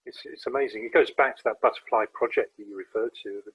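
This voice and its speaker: A man's voice: fairly low pitch, fast, husky, no echo, dull audio. A man hosting an interview over a video call, speaking in a hesitant, chatty way with plenty of fillers. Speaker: interview host. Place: home, remote conversation.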